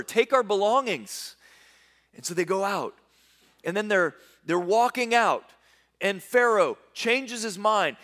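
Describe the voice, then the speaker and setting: A man preaching a sermon, retelling scripture as lively storytelling and voicing the people in quick asides. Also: high-pitched. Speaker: pastor.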